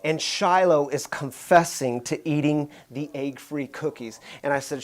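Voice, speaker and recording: A man's voice: a little high, measured pace, hardly any pauses. A man in his thirties preaching a sermon, telling a family story in a chatty way and asking the listeners questions. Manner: conversational, asks the listeners questions. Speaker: pastor.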